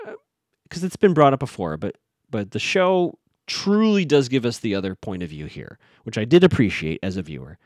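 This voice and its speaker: A man's voice: medium pitch, huge pitch swings, moderate pace, no room sound, clean studio sound. A man hosting a podcast, casually recapping a TV episode, thinking aloud with plenty of fillers and restarts.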